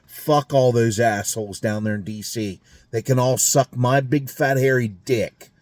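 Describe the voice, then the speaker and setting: A man in a home garage launches into an irritated, profanity-laden rant, his voice sitting at an ordinary middle pitch. The sound is close and dry, with no echo around him. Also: fairly even intonation, a little slow, a little mellow. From United States. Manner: angry, swears constantly, grumbling. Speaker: garage vlogger. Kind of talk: casual profane rant to camera.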